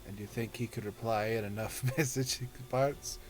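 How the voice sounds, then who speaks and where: A man's voice: lowish voice, steady tone, moderate pace, slight background noise. A man playing in a tabletop game, chatting casually and joking with the table. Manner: joking, laid-back. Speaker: player. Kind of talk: casual chat.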